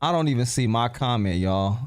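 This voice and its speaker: A man hosting a live stream in a relaxed, rambling way, talking straight to his viewers. His pitch sits in the middle range. The sound is close and dry, with faint music in the background. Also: brisk, dry recording. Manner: laid-back, rambling, talks to viewers. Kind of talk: casual live stream chat.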